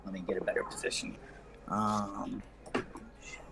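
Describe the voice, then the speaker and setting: A man running an online tabletop game as game master, with a scratchy throat, halting and uneven in speed and volume. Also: on the low side, level tone, vocal fry.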